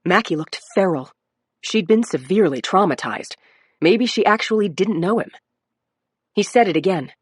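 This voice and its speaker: A woman's voice: mid-range voice, lively intonation, moderate pace, breathy edge, no room sound, studio quality. A woman reading a crime audiobook in a dramatic narration style. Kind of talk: scripted narration.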